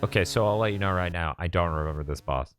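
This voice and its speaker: A man's voice: low-pitched, fast talker, fairly bright tone. A man co-hosting a casual gaming stream, joking around, laughing often and reading chat messages aloud while he plays. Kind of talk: casual chat over gameplay. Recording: game music underneath.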